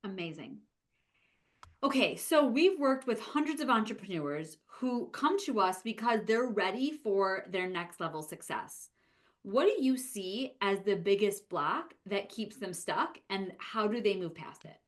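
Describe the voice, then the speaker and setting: Excitable young woman interviewer. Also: medium pitch, a little slow. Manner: excitable, gushing. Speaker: co-founder asking interview questions. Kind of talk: enthusiastic interviewing.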